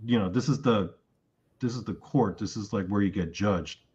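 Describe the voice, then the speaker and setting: Husky and lowish, the man's voice moves at normal speed over dull-sounding audio. Being interviewed as a guest, he animatedly tells a long dream in a casual way, voicing his own lines from it.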